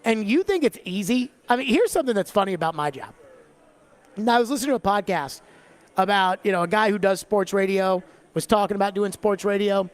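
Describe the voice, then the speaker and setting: A man hosting a sports talk radio show, talking in an animated, chatty way. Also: high-pitched, brisk. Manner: animated, slips into an exaggerated Southern drawl for bits. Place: radio studio.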